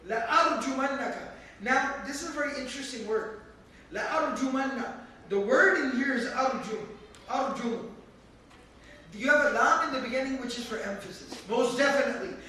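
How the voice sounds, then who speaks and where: A man's voice: extremely high pitch, fairly quick, bright, forceful tone. A man teaching a religious lesson, explaining words one at a time, and repeating phrases for emphasis. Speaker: teacher explaining Quran verses. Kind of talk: religious lecture. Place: mosque hall. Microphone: handheld camera from across the room. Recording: echoey hall from far off, faint room noise.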